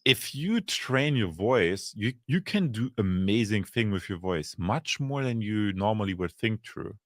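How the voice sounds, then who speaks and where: Guy on a panel, kinda low voice, stops and restarts a lot, dry sound. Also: expressive, a little slow, a bit bright, no echo. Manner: hesitant, many restarts. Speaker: panel guest. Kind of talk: casual panel chat.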